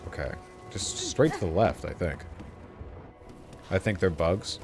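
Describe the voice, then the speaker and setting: A man's voice: low voice, expressive, measured pace. A man streaming a video game, giving casual, sarcastic, joking commentary as he plays. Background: game music.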